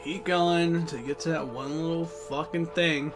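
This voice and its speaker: A young man hosting a let's play, talking casually and swearing loudly at the game. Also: on the high side, steady tone, faint music behind. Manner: loud, profane, quick frustrated outbursts. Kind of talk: casual gameplay commentary.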